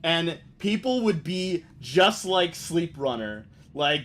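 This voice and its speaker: A man's voice: on the high side, sing-song, slow, a bit bright. A man streaming a game, chatting loosely with plenty of swearing as he reacts to what he reads on screen. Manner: loose, profane, reacts aloud while reading. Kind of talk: let's play gaming commentary.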